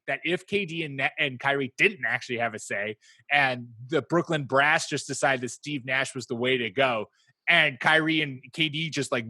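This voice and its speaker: A man in casual podcast chat, his voice bright and forceful. He jokes around and jumps into excited bursts. The close mic is dry with no room sound. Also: mid-range voice, no room sound. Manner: excitable, joking, quick bursts of enthusiasm. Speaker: podcast co-host.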